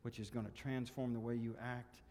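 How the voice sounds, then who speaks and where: A man preaching a sermon, earnest and exhorting, often dropping softer to drive a point home. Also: mid-range voice, level tone, moderate pace, big-room sound. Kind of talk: sermon with story reading.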